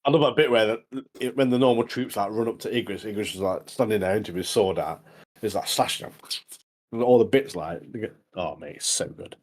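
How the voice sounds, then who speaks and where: A man co-hosting a podcast in casual chat, enthusiastic and halting, repeating words as he goes. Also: fairly low pitch, a little mellow. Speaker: podcast co-host.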